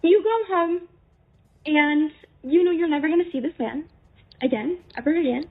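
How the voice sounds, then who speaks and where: A woman's voice: high voice, normal speed. A young woman casually telling a story in the second person, acting out bits of dialogue. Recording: tinny phone-like sound.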